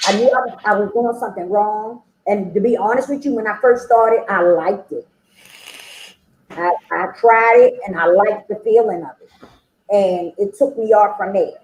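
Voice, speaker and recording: A woman sits at a meeting and tells her recovery story in a chatty, animated way, with her voice rising and falling widely. She acts out the lines she quotes and keeps checking in with "okay?" and "you know?" The sound is roomy and echoey, with a faint hiss underneath. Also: medium pitch. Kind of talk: personal recovery testimony.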